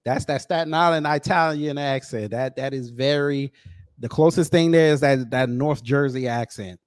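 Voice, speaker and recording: A man hosting a reaction commentary channel, talking in an animated, sardonic, conversational way. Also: mid-range voice, normal speed, smooth, no echo, clean studio sound.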